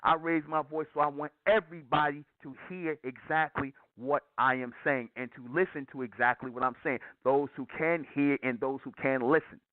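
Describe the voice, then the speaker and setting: A man's voice: a little high, steady tone, normal speed, hardly any pauses, dry recording. A man hosting his own channel, delivering an impassioned preaching monologue in a raised, declaiming voice. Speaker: YouTube channel host. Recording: tinny phone-like sound.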